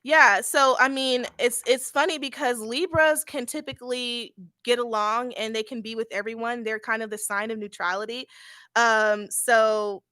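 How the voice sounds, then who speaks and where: A woman's voice: a little high, fairly even intonation, moderate pace, sharp tone, no echo, studio quality. A young woman giving a casual live-stream tarot reading, blunt and laughing often, with occasional swearing. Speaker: tarot reader.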